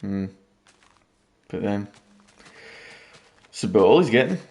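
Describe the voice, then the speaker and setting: A man's voice: fairly low pitch, expressive, slow, gravelly, darkish tone. A man casually commenting on his gameplay late at night, rambling and joking with viewers. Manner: rambling, jokey, talking to viewers. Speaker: gaming YouTuber.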